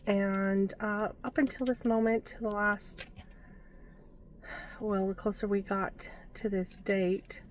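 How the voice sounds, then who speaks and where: A woman talks straight into her phone from the seat of a parked car, rambling and candid, full of fillers and the occasional curse. Her voice sits at an ordinary middle pitch, and a faint hiss of noise runs underneath. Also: little pitch movement, slow. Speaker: vlogger. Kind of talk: candid personal vlog.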